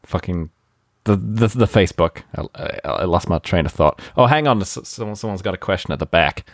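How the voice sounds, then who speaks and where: A man putting on an impression of a crude, boastful older politician, rambling slowly and swearing while reading out plugs. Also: low-pitched, expressive, no room sound, clean studio sound. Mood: brash rambling. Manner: slow, rambling, swearing, self-interrupting.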